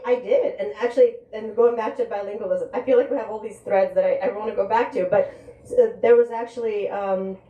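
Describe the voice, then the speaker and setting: Halting woman author, slightly off-mic. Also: mid-range voice, mellow, far from the mic. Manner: halting, with frequent restarts and repeated words. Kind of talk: live bookstore author conversation. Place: bookstore event space. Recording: echoey room, voice a bit off-mic.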